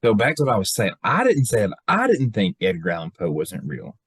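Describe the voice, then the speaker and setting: A man's voice: lowish voice, wildly swooping pitch, fairly quick, breathy edge, no room sound. A man co-hosting a casual podcast chat, defensive as he lays out his theories at length. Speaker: podcast co-host.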